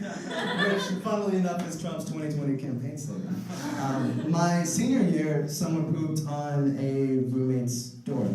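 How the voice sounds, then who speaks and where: High-voiced man telling stand-up stories. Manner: animated, laughing through jokes, mock voices in quotes. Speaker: stand-up comedian. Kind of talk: stand-up storytelling. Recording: distant mic, echoey room, noisy.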